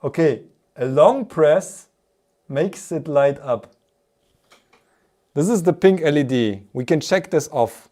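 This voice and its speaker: A man's voice: a little high, expressive, slow, long pauses, mellow. A man streaming live as he builds an electronics project, thinking aloud and laughing often as he works.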